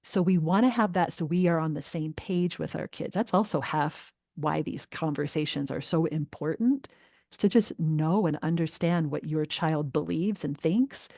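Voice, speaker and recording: A middle-aged woman speaks as a guest in a parenting interview, earnest and emphatic, her voice sitting low. The sound is dry and close, with no room around it. She grows animated when something bothers her. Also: creaky, no room sound. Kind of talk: podcast interview.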